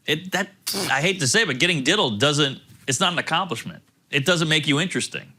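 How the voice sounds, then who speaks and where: A middle-aged comedian guest on a podcast, trading quick wisecracks in casual chat and laughing often. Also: male voice, a little high, animated, bright, forceful tone.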